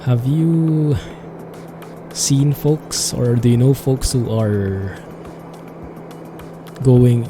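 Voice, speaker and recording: A man's voice: mid-range voice, steady tone, extremely slow, pauses often, over music. A man streaming a flight simulator, chatting in a rambling, amused way as he flies and talks to viewers. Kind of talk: casual gameplay commentary.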